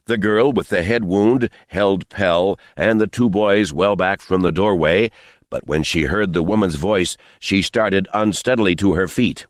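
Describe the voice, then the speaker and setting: A man reading an audiobook in an expressive, dramatic narration style. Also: low voice, unhurried, dry recording, clean studio sound. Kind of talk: scripted narration.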